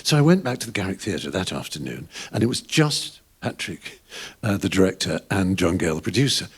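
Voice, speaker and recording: A man's voice: sits low, big pitch swings, brisk, breathy edge. An older English man in his sixties, a guest on a live podcast in a pub, telling rambling anecdotes with restarts and chuckles. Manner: rambling anecdotal storytelling with frequent restarts and laughs. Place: pub venue before a live audience.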